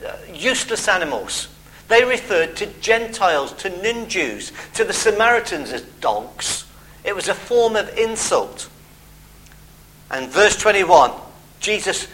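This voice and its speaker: High, bright-voiced preaching man. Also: poor audio. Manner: expressive preaching with emphatic pauses and asides. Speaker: pastor. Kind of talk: sermon.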